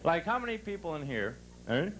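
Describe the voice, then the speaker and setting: A man doing a brash, punchy stand-up comedy set at a resort club, telling jokes and bursting into loud outbursts. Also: fairly high pitch, big pitch swings, a little fast, slight background noise, rough recording. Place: resort club stage before a live audience.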